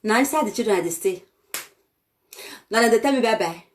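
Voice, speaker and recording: A woman's voice: fairly high pitch, lively intonation, a little fast, a little hiss or hum. A young Nigerian woman with a Nigerian accent, delivering a heated, scolding vlog rant full of exclamations. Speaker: vlogger. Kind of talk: ranting vlog monologue.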